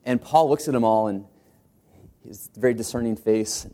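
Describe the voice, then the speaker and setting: Man, co-founder storyteller, animated, does quick voices in his anecdotes. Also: mid-range voice. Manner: animated, acts out quotes in put-on voices. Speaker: startup co-founder telling his company's story. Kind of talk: storytelling talk to an audience.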